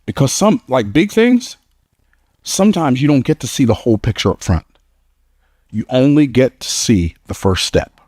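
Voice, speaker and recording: A man's voice: mid-range voice, big pitch swings, moderate pace, darkish tone, no echo, clean studio sound. A man giving a motivational speech to a live audience, telling stories in an emphatic, conversational way and laughing at his own lines. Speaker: motivational speaker.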